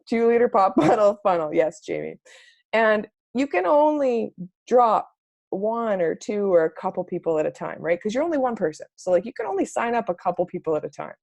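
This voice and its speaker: A young adult woman giving a casual, upbeat coaching talk, chatty and full of "like", acting out sample messages in a brighter voice. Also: mid-range voice, creaky, no echo. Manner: peppered with "like" and mild swearing. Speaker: network marketing coach. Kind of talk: casual live training talk.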